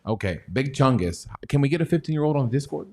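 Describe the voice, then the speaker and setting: A man's voice: medium pitch, animated, fast talker, a little mellow. A man hosting a livestream, joking around and reading viewer comments aloud in rambling, casual banter. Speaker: livestream host.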